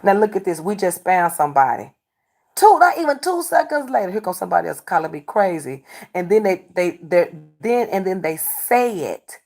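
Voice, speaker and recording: Her voice sits lowish with a darkish tone, and she keeps a moderate pace. Streaming live and doing readings, she confronts her chat combatively, scolding and repeating herself for emphasis.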